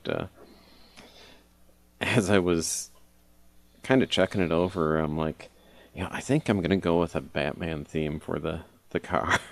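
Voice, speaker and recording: Deep gravelly guy, middle-aged, rambling podcast chat, laughs a lot. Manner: rambling storyteller, laughs often. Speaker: podcast co-host. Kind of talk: casual chat.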